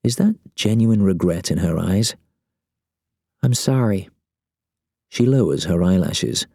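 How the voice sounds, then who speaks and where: A man's voice: low voice, expressive, moderate pace, creaky, mellow, slightly rough, no echo, clean studio sound. A man narrating a first-person novel in a wry, sardonic manner as an audiobook reader.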